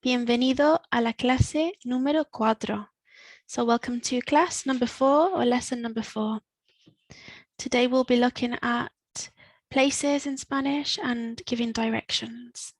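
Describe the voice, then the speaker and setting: A woman's voice: on the high side, a little slow, no room sound, poor audio. Patient woman teaching a language lesson. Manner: patient, explains step by step, switches between English and Spanish. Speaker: Spanish teacher.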